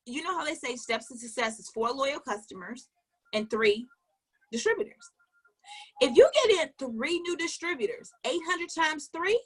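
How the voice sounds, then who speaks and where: Bright, high-voiced woman coaching emphatically. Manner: emphatic, questioning, repeats phrases. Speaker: network marketing coach. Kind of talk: motivational coaching talk.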